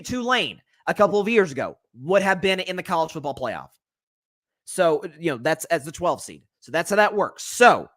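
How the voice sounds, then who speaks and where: A man hosting a solo sports podcast, giving energetic, opinionated predictions with lots of fillers and restarts. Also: sits high, dry recording, studio quality. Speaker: podcast host.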